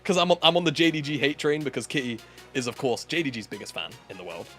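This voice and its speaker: A man co-casts a live esports show, talking in a loose, rambling way and correcting himself as he goes. His pitch swings widely and lively. Faint music sits under his voice. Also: quick pace. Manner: rambling, self-correcting, playful. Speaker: esports caster. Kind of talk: casual live esports commentary.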